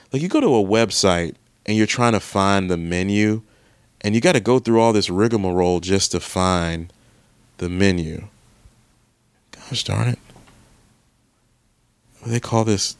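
A man's voice: low-pitched, a little slow, vocal fry, pauses often, no echo. A young man hosting a podcast, chatting casually and grumbling with exasperation as he thinks aloud and swears. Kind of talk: casual solo chat while browsing online.

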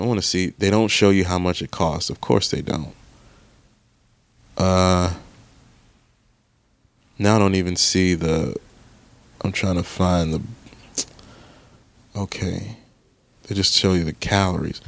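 A deep, low-pitched young man grumbles his way through a casual podcast chat. He swears freely and thinks out loud, exasperated. The recording is dry and close, with no room sound. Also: steady tone, measured pace, pauses often, dry recording. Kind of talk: casual solo chat while browsing online.

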